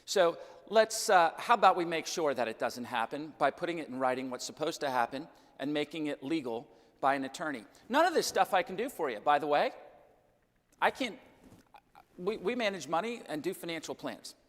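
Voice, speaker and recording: A man's voice: on the high side, lively intonation, fairly quick, a bit bright. Chatty Midwestern man in a church hall. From Kansas. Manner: chatty, keeps checking in with "okay?" and "right?". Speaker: financial planner speaking at church. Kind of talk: church seminar talk.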